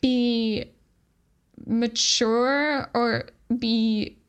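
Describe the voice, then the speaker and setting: A young woman on a podcast, telling a story in a relaxed, chatty way. She scatters "like" through her sentences, and her voice sits a little higher than most women's. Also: drawn-out words, clear, resonant tone. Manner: chatty, fills speech with "like". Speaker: podcast co-host. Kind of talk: casual storytelling chat.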